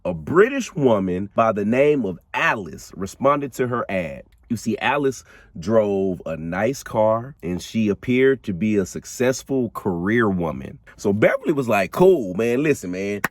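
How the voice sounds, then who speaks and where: Brief: male podcast host, casual slangy storyteller, low voice with very animated pitch. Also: unhurried, no room sound. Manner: animated, slangy, laughs often, addresses listeners directly. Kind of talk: casual true crime storytelling.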